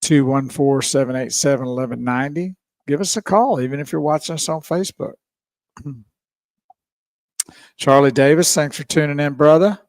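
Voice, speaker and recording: A man's voice: a little high, normal speed, long pauses, a little mellow, no echo. A man hosting a radio show, chatty, laughing and greeting listeners. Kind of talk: casual radio talk. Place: radio studio. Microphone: studio microphone.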